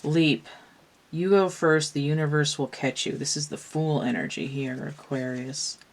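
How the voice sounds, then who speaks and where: A weary tarot reader works through a card spread at an unhurried, drawn-out pace. The voice sits at a middling pitch and muses aloud, circling back and restarting thoughts as they go. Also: fairly even intonation, slight background noise. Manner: slow, musing, thinks aloud with restarts. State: tired from pain. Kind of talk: casual tarot card reading.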